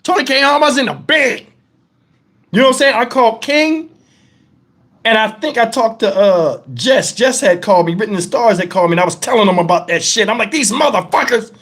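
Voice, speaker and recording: High-voiced, heated man. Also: a little fast, a bit bright. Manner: heated, profane, emphatic retelling. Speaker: vlogger. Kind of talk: angry storytime rant.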